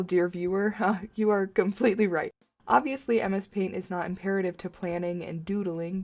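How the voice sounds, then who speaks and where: A woman's voice: on the low side, warm tone. A young woman narrating a scripted art video in a playful, mock-dramatic and sarcastic way.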